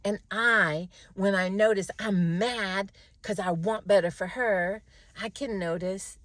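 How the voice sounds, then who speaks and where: A middle-aged woman in a casual self-reflective monologue, animated and talking to herself. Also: mid-range voice, takes it slowly, dry recording. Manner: animated, talks to herself, mimics others' voices. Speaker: vlogger.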